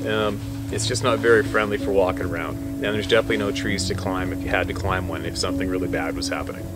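Excited swearing hunting guide telling stories. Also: male voice, sits low, fast talker, loud music behind the voice. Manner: animated, swearing, repeats himself. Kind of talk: excited outdoor storytelling.

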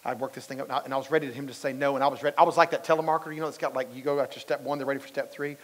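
A man's voice: mid-range voice, fairly even intonation, very fast. A male pastor giving a conversational sermon, telling stories and asking the congregation questions. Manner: storytelling, asks the congregation questions. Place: church sanctuary. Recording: long reverb of a large church hall.

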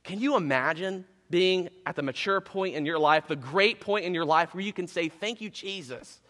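A man preaching a sermon as pastor, telling a self-mocking story in an animated way before turning to scripture. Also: high-pitched, normal speed, long reverb tail. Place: church sanctuary.

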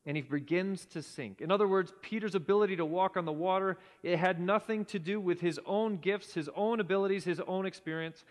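Male preacher, high-pitched voice, earnest with hushed drops, in a church hall with a long echo. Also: brisk, hardly any pauses. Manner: earnest, drops to a hushed low voice at key points. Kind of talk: sermon. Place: church sanctuary.

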